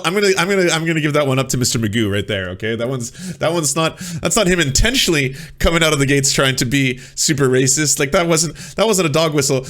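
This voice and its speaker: A man's voice: medium pitch, fast talker, few pauses, fairly bright tone. Sarcastic man reacting to clips. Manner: sarcastic, mocking, rising to exasperated emphasis. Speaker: commentary channel host. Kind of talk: reaction commentary.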